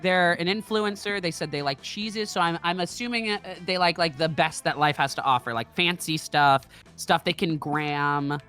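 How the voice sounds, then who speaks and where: A woman's voice: on the low side, normal speed, hardly any pauses, a bit bright, faint music behind. A woman streaming a game, chatting in a rambling, self-deprecating way. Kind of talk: casual let's-play chat.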